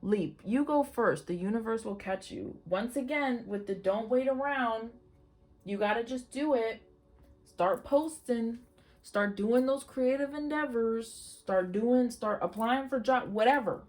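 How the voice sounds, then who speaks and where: A woman reading tarot cards for her viewers in a casual, excitable way, swearing freely and often breaking into exclamations as she gives them a pep talk. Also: on the high side, unhurried. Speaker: tarot reader.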